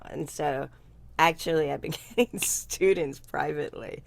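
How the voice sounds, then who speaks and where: A woman's voice: deep voice, unhurried, creaky, no room sound. An older woman telling a story in a casual chat, blunt and salty-tongued, laughing often. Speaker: guest speaker. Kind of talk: casual video-call chat.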